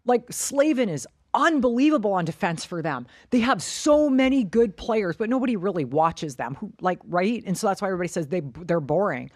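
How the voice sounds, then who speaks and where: A woman's voice: medium pitch, expressive, a little fast, few pauses, dry recording, studio quality. A woman co-hosting a casual sports podcast, giving blunt, opinionated takes and swearing freely. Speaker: podcast co-host.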